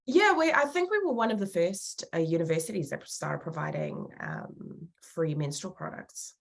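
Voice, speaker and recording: A woman co-hosting a podcast in casual chat, telling animated stories and swearing freely. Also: fairly low pitch, moderate pace, vocal fry. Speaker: podcast co-host.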